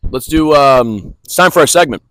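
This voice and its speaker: A man's voice: on the high side, animated, normal speed, a bit bright, dry recording, clean studio sound. A man hosting a casual comedic chat outdoors at a backyard grill, laughing often and leading segments with a sung jingle. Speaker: podcast host.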